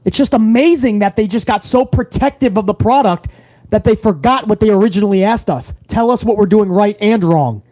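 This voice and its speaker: Brash, high-voiced man ranting on a live stream. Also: a little fast. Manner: brash, loud, swearing. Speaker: host of a live wrestling talk show. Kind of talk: profane live-stream rant.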